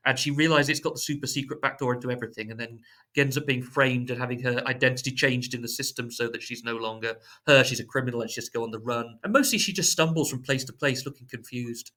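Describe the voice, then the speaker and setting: Joking man chatting on a podcast. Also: medium pitch. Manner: animated, joking and sarcastic. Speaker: podcast guest, software engineer. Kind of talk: casual podcast chat.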